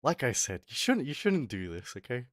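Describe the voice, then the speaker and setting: A man's voice: mid-range voice, sing-song, a little fast, no echo. A young man streaming as a vtuber, telling a story to his chat in a rambling, casual way with lots of fillers, on a close mic. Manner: rambling, fillers, reads chat and acts out quotes.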